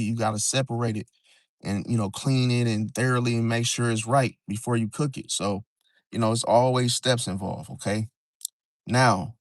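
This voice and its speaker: A mid-range male voice, recorded dry, belongs to an astrology live-stream host talking outdoors near parked cars. His casual talk is loose and repetitive, sprinkled with "see?" and "bro," and he occasionally whispers.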